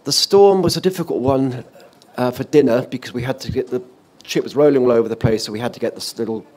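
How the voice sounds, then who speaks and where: Older male former DJ, lively anecdote teller on a panel stage. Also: mid-range voice, fast. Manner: animated anecdotal, with laughs and restarts. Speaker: former offshore radio DJ, guest. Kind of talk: storytelling in a panel talk. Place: event stage or hall.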